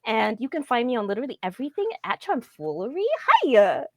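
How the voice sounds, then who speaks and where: A bubbly cartoon villainess chirps away in a pushed-up, squeaky register, as a woman puts her on. Her pitch swoops and leaps with every line, and she curses cheerfully as she rambles through a stream outro. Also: big pitch swings, fairly quick, a little mellow, no echo. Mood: chipper. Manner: pushes voice high, chipper, cursing. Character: bubbly high-voiced female cartoon villainess.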